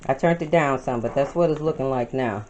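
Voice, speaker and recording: Her voice is a rumbling low with a darkish tone and a slightly quick pace. Cooking at home for her vlog, she chats with viewers as "y'all" while working, recorded in roomy, distant, noisy home video.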